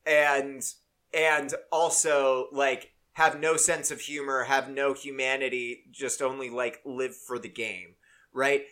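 A man co-hosting a casual sports podcast rambles and jokes, often interrupting himself mid-thought. His medium-pitched voice is slow and flat in delivery, with a sharp tone.

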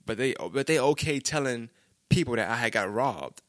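A man's voice: medium pitch, animated, normal speed, fairly bright tone, dry recording, studio quality. A young man, telling a rambling street story in casual slang with frequent restarts. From Brooklyn, New York.

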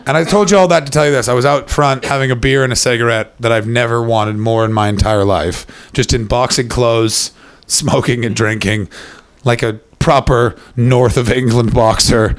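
A man from Canada doing stand-up comedy, telling a story to a live audience and acting out other people's lines in quick voices. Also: medium pitch, steady tone. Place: stage before a live audience.

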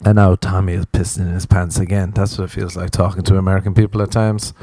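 A man's voice: deep voice, flat delivery, fast talker, dark tone, dry recording, clean studio sound. A young Irish man hosting a podcast, ranting in a profane, exasperated, sarcastic comic monologue. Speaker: podcast host. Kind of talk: comedic solo podcast rant.

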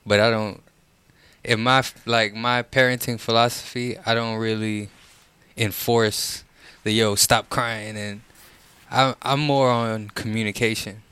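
A man's voice: mid-range voice, fairly even intonation, unhurried, bright, forceful tone, smooth, no room sound. A man in a casual podcast chat, talking in a laid-back, reflective way. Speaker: podcast co-host.

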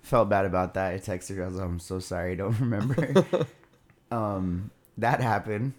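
A man's voice: low-pitched, fairly even intonation, moderate pace. A young man casually telling a rowdy party story, loose and profane, laughing as he goes.

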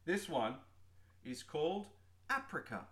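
A man co-hosting a comedy podcast, telling stories in an animated way and acting out the people he quotes. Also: fairly high pitch, moderate pace, roomy sound. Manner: animated storyteller, acts out quoted voices. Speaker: podcast co-host. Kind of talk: casual comedic chat.

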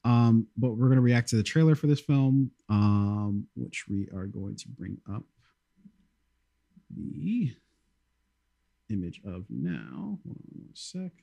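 A man's voice: fairly low pitch, lively intonation, moderate pace, gravelly, few pauses, mellow, dry recording. A man hosting a podcast in a casual, rambling way, with many ums and some swearing. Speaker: podcast host. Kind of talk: casual film chat.

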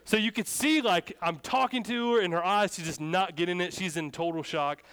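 A man's voice: high voice, moderate pace, smooth. Casual storytelling preacher, a man. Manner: casual, storytelling, acts out shouted dialogue. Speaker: pastor. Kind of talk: sermon.

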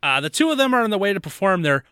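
A man co-hosting a podcast, casually recapping a film's plot in a relaxed, jokey way, recorded on a close mic. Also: high voice, very fast, clean tone, no room sound. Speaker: podcast co-host. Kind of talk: casual chat recapping a film.

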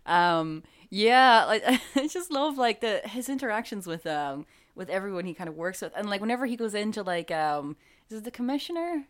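A woman's voice: medium pitch, very animated, moderate pace. A woman co-hosting a film podcast, enthusiastic and gushing, full of "like" and "um". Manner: enthusiastic, gushing, many fillers. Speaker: podcast co-host. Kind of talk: casual film chat.

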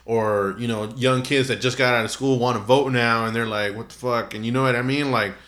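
Bright-voiced man in loose podcast chat. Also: medium pitch, steady tone, brisk. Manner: loose, profane, rambling with frequent fillers. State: sleepy. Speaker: podcast co-host.

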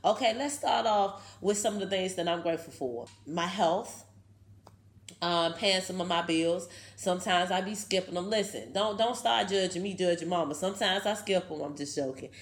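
A woman's voice: fairly low pitch, moderate pace. Chatty woman, motivational talk to camera, keeps saying okay, emphatic. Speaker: video host.

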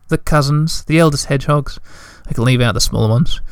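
A man's voice: medium pitch, brisk, clean tone, dry recording, studio quality, close to an everyday voice. A man reading a storybook, voicing a sullen, harried male creature who mumbles and grumbles.

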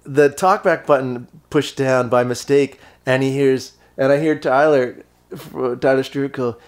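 A man telling a story on a podcast with animated excitement, stumbling over his words with many restarts, emotional to the point of tears. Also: medium pitch, measured pace, smooth. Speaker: guest musician.

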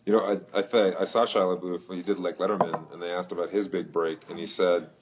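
A man's voice: low voice, flat delivery, fast, lo-fi sound. A man in casual comedic chat, riffing and teasing as co-host.

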